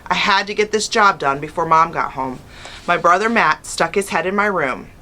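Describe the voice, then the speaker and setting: Woman reading a children's book aloud, bright voice. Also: on the low side, moderate pace. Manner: expressive first-person narration. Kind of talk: storybook read-aloud.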